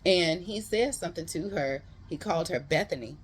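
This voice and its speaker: A book reviewer giving a casual, animated retelling of a novel's plot, full of slangy asides to viewers. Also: mid-range voice, normal speed, a little hiss or hum. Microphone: close.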